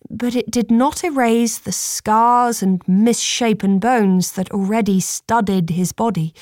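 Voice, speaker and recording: A woman narrating a fantasy audiobook in a measured, even manner. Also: medium pitch, no room sound, clean studio sound.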